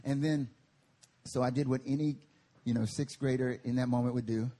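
A male pastor preaching a sermon at a church service, telling animated stories and laughing through them. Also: medium pitch, fairly quick, slightly rough.

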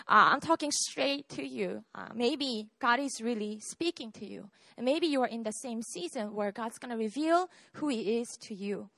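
A South Korean woman in her 30s preaches a conversational sermon built on personal testimony about her faith, often asking "right?" and "okay?" to check in with listeners. Her voice is on the high side, gravelly, pushed and bright, with lively intonation, a moderate pace, and few pauses. The recording is dry.

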